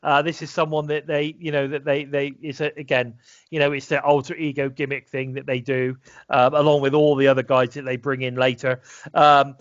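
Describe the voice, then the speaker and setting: A man's voice: mid-range voice, little pitch movement, fairly quick, dry recording. A British man co-hosting a casual wrestling review podcast, rambling with many fillers and restarts. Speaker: podcast co-host. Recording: dull, slightly lo-fi dry sound.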